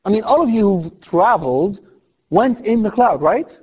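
A man giving a lively Bible lecture, asking his audience rhetorical questions and throwing in humorous asides. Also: high voice, moderate pace, breathy edge, highs cut off. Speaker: Bible teacher.

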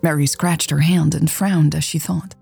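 Woman storyteller, romance audiobook; husky, dark, steady delivery. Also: low-pitched, normal speed, soft background music. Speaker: audiobook narrator. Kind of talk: scripted romance story narration.

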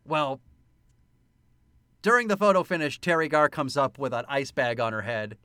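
A man co-hosting a podcast, excitedly retelling a film scene by scene with lots of laughter, in casual chat. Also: medium pitch, normal speed, clean tone, no room sound, clean studio sound. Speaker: podcast co-host.

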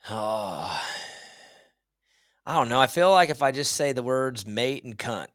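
Man, young adult, podcast guest, easygoing, mid-pitched voice. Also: expressive, a little slow, fairly bright tone. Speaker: guest musician. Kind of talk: casual chat.

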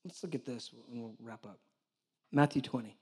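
A man's voice: mid-range voice, normal speed, slightly rough. A man preaching a sermon, telling stories with acted-out dialogue and joking with the congregation. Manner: animated storytelling, acts out dialogue, jokes with the congregation. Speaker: church director preaching.

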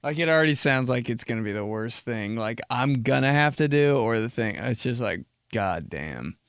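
Gravelly young man rambling a funny story. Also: fairly bright tone, no echo, clean studio sound. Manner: rambling storyteller, drops into slow, low voices when quoting people. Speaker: podcast host. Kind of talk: casual comedic monologue.

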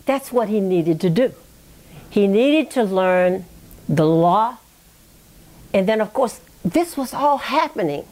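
A woman's voice: medium pitch, expressive, takes it slowly, long pauses, darkish tone. Woman, oral history interviewee, reflective and digressive storyteller. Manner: reflective, digressive, with frequent "you know" and "okay?". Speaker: interviewee recounting family history.

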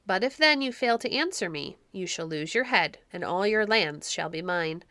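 A woman's voice: fairly low pitch, lively intonation, normal speed, bright, forceful tone, no room sound. A woman reading an audiobook story and voicing a domineering, scornful medieval king with a commanding, mocking manner.

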